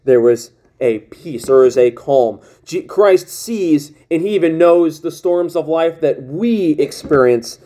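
Male preacher, fairly high pitched and mellow-toned, reading scripture with halting restarts. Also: lively intonation. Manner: reads King James scripture aloud, restarts often. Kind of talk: sermon.

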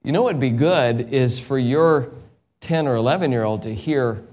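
A man's voice: medium pitch, moderate pace. Impassioned evangelist preacher, man. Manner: builds to loud impassioned peaks, then drops to quiet storytelling. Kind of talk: sermon.

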